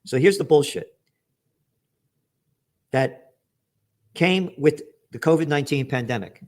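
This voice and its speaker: Brief: middle-aged male commentator, sharp and angry, cursing, higher-pitched, bursts of shouting. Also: a little slow, pauses often. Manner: profane, angry, shouts for emphasis. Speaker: trends commentator. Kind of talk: ranting news commentary.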